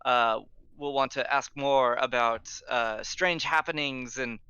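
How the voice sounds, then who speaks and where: A man's voice: mid-range voice, slow, sharp tone, clear, resonant tone, no room sound, dull audio. A man voicing a drunk, jovial elderly male guard captain who hiccups and stumbles over his words in a tabletop game. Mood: hearty.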